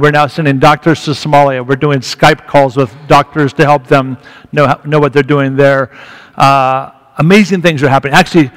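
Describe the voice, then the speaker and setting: A man's voice: on the high side, fairly bright tone. A man speaking as a guest at a church, telling a story to the congregation in a candid, conversational way with rising emphasis. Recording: reverberant church hall.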